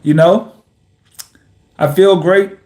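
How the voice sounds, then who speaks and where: Slow, earnest young man, fairly high voice. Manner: slow, earnest and repetitive, growing excitable. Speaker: basketball vlogger, host of the channel. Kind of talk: reflective personal vlog monologue.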